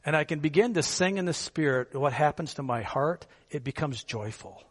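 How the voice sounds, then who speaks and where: A man's voice: on the high side, animated, normal speed. Man preaching in a reverberant sanctuary. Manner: conversational preaching with rhetorical questions. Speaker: pastor. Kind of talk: sermon.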